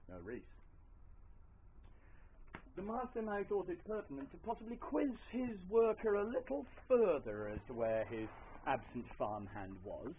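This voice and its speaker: A man's voice: high voice, sing-song, moderate pace. A man telling a folk tale live in a hall, chatty and throwing asides to the audience. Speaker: storyteller. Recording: tinny lo-fi live recording, faint hiss.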